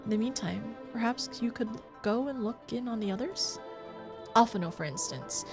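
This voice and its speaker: A woman voicing an earnest, composed teenage girl, reading game lines in a calm, gently formal way. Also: on the high side, moderate pace, music in the background, close to an everyday voice. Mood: gentle.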